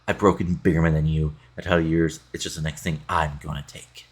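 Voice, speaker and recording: A man's voice: very deep voice, flat delivery, brisk, slightly rough. A man reading out the lines of a boastful male wrestler who taunts the champion. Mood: taunting. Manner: trash-talking, read aloud plainly.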